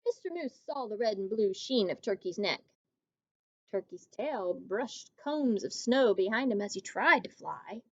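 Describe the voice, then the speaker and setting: A woman teacher reading a picture book aloud to children, expressive, stopping to talk to her students. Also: mid-range voice, measured pace, no room sound, lo-fi sound.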